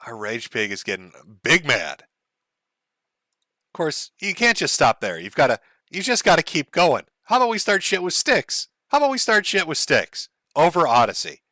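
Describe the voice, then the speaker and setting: Male commentary host, sarcastic and mocking, animated, slightly high. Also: unhurried, pauses often, no echo, clean studio sound. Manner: sarcastic, mocking, laughs often. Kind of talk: online commentary stream.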